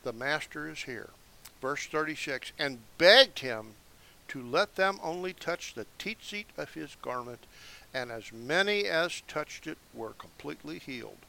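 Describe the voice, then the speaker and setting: A man reads scripture aloud at an unhurried, deliberate pace, adding casual explanations between verses. His voice sits a little high, with a bright, forceful edge. His pitch swings widely from line to line. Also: expressive, vocal fry. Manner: slow, deliberate reading broken by casual asides. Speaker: Bible teacher. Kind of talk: scripture reading with commentary. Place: seated indoors.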